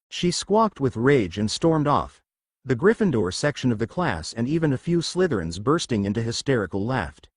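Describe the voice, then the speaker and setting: Male reader narrating a fan story, lively rise and fall, dry sound. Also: medium pitch, moderate pace, dry recording.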